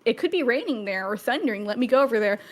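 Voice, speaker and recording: A woman co-hosting a gaming podcast, telling stories in an animated way and swearing freely in casual chat. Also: fairly high pitch, quick pace. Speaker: podcast co-host.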